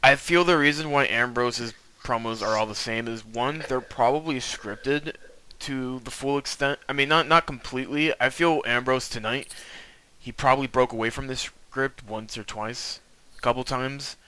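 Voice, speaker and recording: A man's voice: medium pitch, steady tone, moderate pace, pushed and bright, smooth, no echo, low-quality recording. A young man hosting a casual wrestling podcast, rambling with fillers and restarts and laughing often. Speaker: podcast host.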